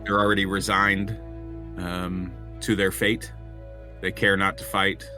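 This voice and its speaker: A man's voice: sits low, little pitch movement, a little slow, music in the background. A man narrating a tabletop game as game master, describing scenes with frequent ums and restarts.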